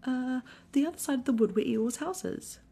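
A woman's voice: high-pitched, moderate pace, creaky, dark tone, pitched above the performer's own voice. A woman voicing a small, nervous male piglet who stammers, in whispered role-play.

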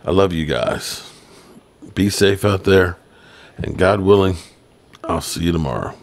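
A man's voice: sits low, animated, a little slow. A middle-aged man hosting a sports podcast, giving blunt, rambling commentary in a tired late-night way. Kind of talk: casual solo commentary.

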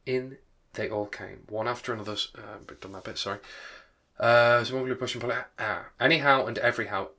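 A literature teacher reading a classic novel aloud, drifting into rambling asides and quick apologies. His voice is bright and forceful, and he sits at a middling pitch for a man. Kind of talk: reading aloud with revision commentary.

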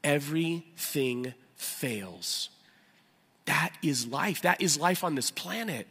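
Man, pastor, sermon, forceful bright voice, animated preaching, long church-hall reverb. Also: fairly high pitch, slow, breathy edge. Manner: animated preaching, swings from loud acted outbursts to a hushed prayer. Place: church sanctuary.

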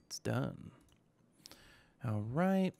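A man's voice: mid-range voice, lively intonation, extremely slow, vocal fry, dark tone. A young man hosting a gaming channel, talking casually to himself as he plays and tossing in jokey asides. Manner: chatty, self-talking, joking asides. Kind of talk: casual gameplay commentary.

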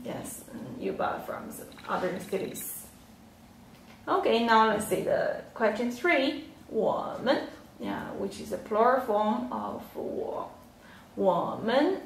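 A woman with a Chinese accent teaching a language lesson, speaking slowly and patiently and repeating words and tones aloud. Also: medium pitch, gravelly, echoey room, slight background noise, rough recording.

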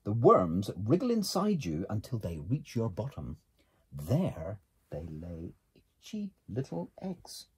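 A man's voice: lowish voice, huge pitch swings, slow pace, breathy edge, exaggerated voice. A man reading a storybook voicing a stern, matter-of-fact male dog doctor who lectures firmly. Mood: lecturing. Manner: firm, lecturing. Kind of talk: storybook character voice.

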